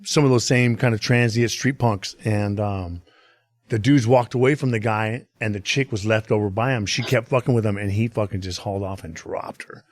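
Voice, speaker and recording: Low-voiced man telling a story. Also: fairly even intonation, normal speed, no room sound. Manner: rambling, profane, many fillers. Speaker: podcast guest. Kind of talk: casual storytelling chat.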